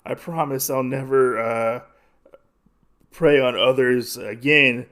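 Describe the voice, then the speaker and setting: A man's voice: mid-range voice, takes it slowly, a bit bright. A man voicing a cowardly male bandit who stammers and begs for his life. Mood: begging. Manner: pleading, stammering. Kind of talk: comic podcast recap.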